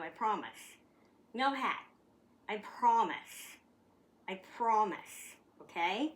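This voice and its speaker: A woman's voice: medium pitch, slow. A woman from Canada chatting casually in her vlog, talking to her dog and swearing freely. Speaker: vlogger. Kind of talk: casual chat.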